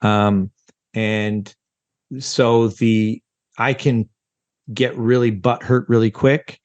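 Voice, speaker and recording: A man's voice: fairly low pitch, little pitch movement, drawn-out words, a little mellow, dry recording, lo-fi sound. A man talking casually as a podcast guest, rambling and self-mocking, with many restarts. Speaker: ADHD coach and podcast guest.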